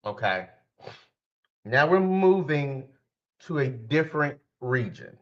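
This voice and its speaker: Slow-talking chatty male podcast host. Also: mid-range voice, sing-song, a bit bright, dull audio. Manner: chatty, rambling, addresses listeners directly, corrects himself often. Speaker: podcast host and spiritual life coach. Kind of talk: casual solo podcast talk.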